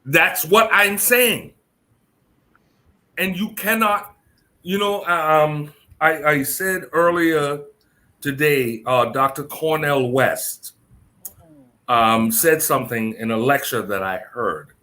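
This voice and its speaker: A man's voice: a little high, slow pace, sharp tone. A man co-hosting a casual online panel discussion, speaking emphatically and insistently. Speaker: co-host.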